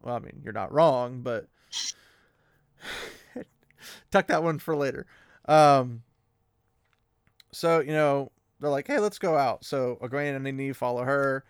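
A man hosting a casual podcast, recapping a book with animated energy and frequent laughs, close to the mic. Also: mid-range voice, takes it slowly, long pauses, clear, resonant tone, no room sound. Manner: animated, laughing often, playful. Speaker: podcast host.

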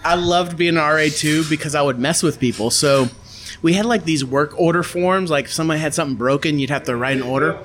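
A man's voice: fairly high pitch, quick pace, a crowd in the background. A young man casually telling funny stories on a podcast, acting out the people he quotes. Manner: animated anecdote teller, acts out quotes. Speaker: podcast co-host. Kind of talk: casual storytelling chat.

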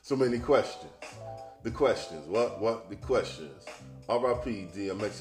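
Profane, animated man holding forth. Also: lowish voice, normal speed, roomy sound, faint music behind. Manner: loose, profane and animated, addressing listeners directly. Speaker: podcast host. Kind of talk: casual monologue.

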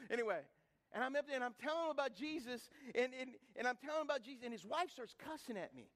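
Brief: middle-aged man, high-pitched pastor, folksy humorous sermon, questions the crowd. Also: a little fast. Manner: lively, humorous, rhetorical questions to the congregation; repeats words and restarts while building stories. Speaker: preacher. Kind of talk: sermon with storytelling.

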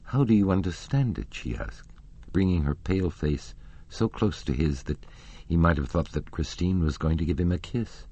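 A man narrating a classic novel as an audiobook reader, with measured, expressive storytelling. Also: a bass voice, husky.

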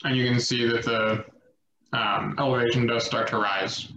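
A man narrating as game master in a relaxed, rambling way with many fillers. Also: mid-range voice, moderate pace, a little hiss or hum. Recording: echoey lo-fi room recording.

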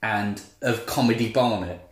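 A man's voice: on the low side, normal speed, reverberant. A man, giving wry, incredulous comic commentary about a film on a podcast. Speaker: podcast co-host. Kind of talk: casual comedic banter.

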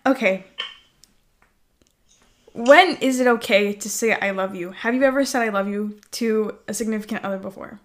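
A woman's voice: mid-range voice, moderate pace, long pauses. A young woman in casual chat, telling dating stories in a chatty, giggly way with lots of fillers.

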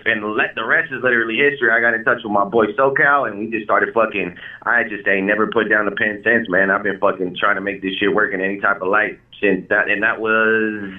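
Fast-talking man on a tinny line. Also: fairly low pitch, fairly even intonation. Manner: laid-back, slangy, lots of "you know what I mean". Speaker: rapper guest. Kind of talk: casual interview storytelling. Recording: phone-like lo-fi line.

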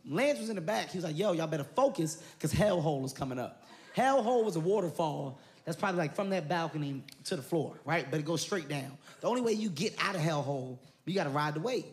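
A male comedian telling a story on stage, animated and breaking into shouted quotes. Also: a little high, fast talker, hardly any pauses. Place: comedy stage before an audience.

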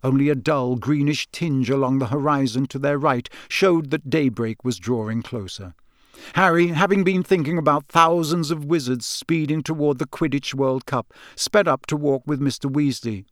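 A man narrating a storybook in a measured, expressive way. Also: mid-range voice, no echo, clean studio sound. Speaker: audiobook narrator. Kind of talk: scripted narration.

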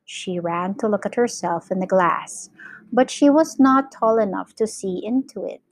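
A woman teacher reading a children's story aloud, in slow, clear storytelling with lively character voices. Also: medium pitch, no echo. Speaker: English teacher.

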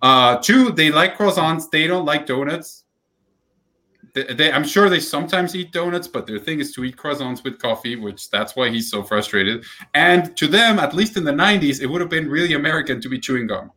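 A bright, tense-toned man co-hosting a relaxed movie talk show. He is animated and quick to laugh, often repeating a phrase two or three times. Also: a little high. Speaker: podcast co-host. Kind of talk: casual chat.

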